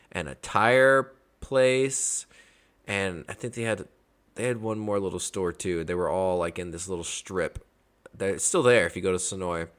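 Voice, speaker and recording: A man from Georgia hosting a podcast, telling his stories in a casual, animated and jokey way. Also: low voice. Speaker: podcast host. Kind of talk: casual storytelling chat.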